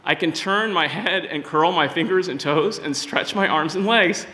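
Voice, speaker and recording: A man voicing an unborn baby girl who speaks gently and plaintively to her mother. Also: a little high, moderate pace, in a large hall. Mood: tender. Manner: gentle, plaintive reading of a poem.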